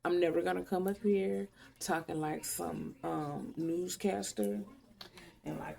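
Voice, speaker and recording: A woman talks straight to her viewers in a casual vlog. She is blunt, profane and opinionated. Her voice sits a little low, with a heavy gravelly fry. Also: fairly even intonation, measured pace, background noise. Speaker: YouTube vlogger.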